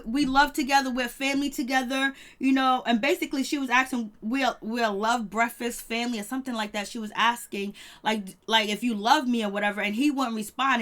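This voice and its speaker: High-voiced woman reviewing reality TV. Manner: animated, mimics people she talks about, laughs often. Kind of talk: casual chat.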